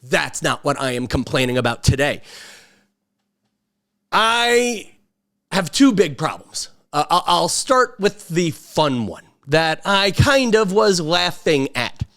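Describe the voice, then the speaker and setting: A man's voice: fairly high pitch, sing-song, takes it slowly, a bit bright. A man in his fifties from Long Island, hosting a podcast in a rambling, sarcastic and self-mocking casual monologue. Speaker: podcast host.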